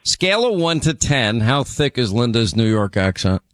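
A man's voice: medium pitch, sing-song, moderate pace, slight background noise. A man hosting a call-in radio show, chatting with callers and rambling through personal stories. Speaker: radio talk show host.

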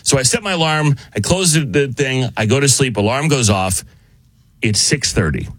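An American man telling a long, animated story in casual podcast chat, acting out the dialogue and laughing as he goes. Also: mid-range voice, fairly quick, no room sound. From United States.

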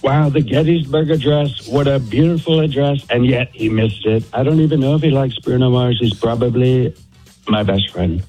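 A man's voice: mid-range voice, normal speed, warm tone, soft background music, close to an everyday voice. A man doing a boastful rambling president. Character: blustering male president impression.

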